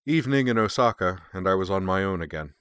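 Man, audiobook narrator, deep voice, bright forceful tone, wry first-person telling. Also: lively intonation, fast, clear, resonant tone, no room sound, clean studio sound.

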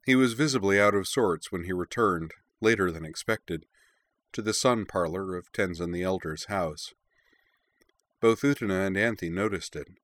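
A man narrating a story in an even, unhurried reading voice. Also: deep voice, no room sound.

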